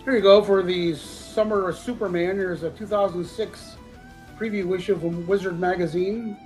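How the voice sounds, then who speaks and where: A man with a fairly high voice calls out comic books and prices in a loose, joking live-auction patter. He sounds congested from a sinus infection and keeps clearing his throat. Faint guitar music plays behind him. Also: steady tone, normal speed, a little mellow, rough recording. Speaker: auction seller.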